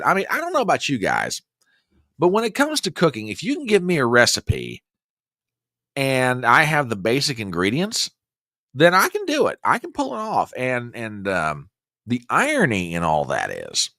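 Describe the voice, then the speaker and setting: A man's voice: mid-range voice, sharp tone, no room sound, clean studio sound. An older man hosting a casual livestream, greeting viewers with chatty, exclamatory, playful banter. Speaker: livestream host.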